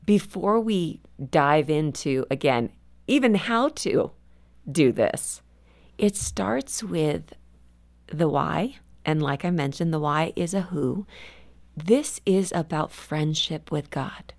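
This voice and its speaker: A middle-aged woman speaking earnestly as a guest author in a radio interview, softening her voice when she quotes a prayer. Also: low-pitched, animated, takes it slowly.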